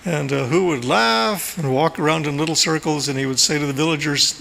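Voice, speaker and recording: Gravelly man telling a story in a church hall. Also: on the high side, a little fast, hardly any pauses. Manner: gentle storyteller, playful asides. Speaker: lay speaker. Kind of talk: storytelling talk at a church service. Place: church sanctuary. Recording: long hall reverb, faint room noise.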